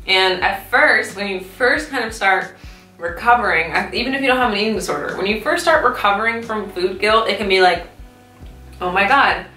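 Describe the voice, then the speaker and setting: A woman's voice: mid-range voice, fairly quick, sharp tone, soft background music. A young woman chatting casually in a vlog while eating, talking with her mouth full and swearing freely. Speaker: YouTube vlogger. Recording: roomy echo, mic at a distance.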